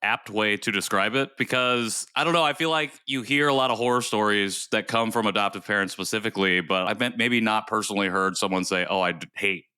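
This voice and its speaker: Low, bright-voiced male podcast host. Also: fairly quick, few pauses, smooth, dry recording. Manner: thoughtful, long probing questions. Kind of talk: casual interview chat.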